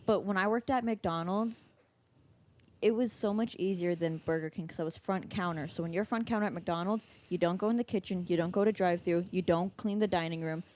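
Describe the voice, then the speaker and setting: A young woman co-hosting a podcast, telling fast-food job stories in a steady, matter-of-fact casual chat. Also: on the low side. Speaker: podcast co-host.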